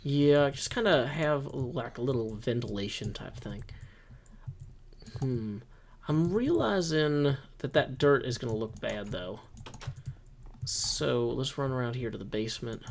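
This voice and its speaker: A man's voice: mid-range voice, moderate pace, vocal fry, slight background noise. A man hosting his own video, rambling casually over Minecraft gameplay with self-deprecating jokes. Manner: excited, upbeat office tour. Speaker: host.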